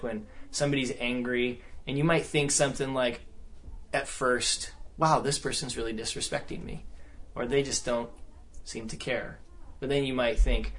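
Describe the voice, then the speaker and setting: At a counseling seminar, a man speaks conversationally and often checks in with the room, drawing the audience into discussion. His medium-pitched voice is a bit bright, with slight background noise.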